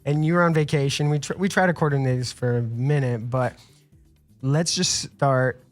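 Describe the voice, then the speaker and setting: A podcast host chatting easily in an interview, asking halting questions and repeating words. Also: mid-range voice, steady tone, faint music behind. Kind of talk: casual interview chat.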